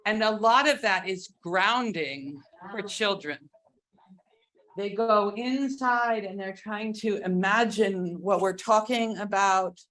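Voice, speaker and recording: A woman giving a keynote talk on religious education, earnest and deliberate, stretching words for emphasis. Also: medium pitch, fairly bright tone. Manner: earnest, slow, with drawn-out emphasis; sings and acts out cries while teaching. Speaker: keynote speaker.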